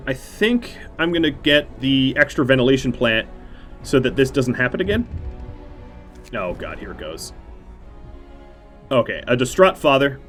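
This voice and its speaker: A man's voice: medium pitch, very animated, unhurried, long pauses, fairly bright tone, soft background music. A man streaming a strategy game on a headset mic, thinking aloud about his choices with dry, self-mocking jokes. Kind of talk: let's play commentary.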